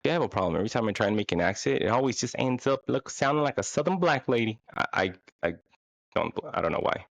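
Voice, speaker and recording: A man's voice: medium pitch, animated, quick pace, vocal fry, fairly bright tone, no room sound. A man telling a casual, rambling, self-deprecating story about a bad date, full of fillers and restarts.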